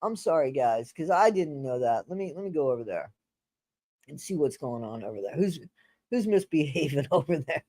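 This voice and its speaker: A woman's voice: sits low, animated, normal speed, dark tone, no room sound. Chatty woman hosting a livestream, dry sound. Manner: chatty, talks to her live chat; apologetic. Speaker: livestream host. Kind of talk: casual livestream chat and reading aloud. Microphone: streaming setup mic.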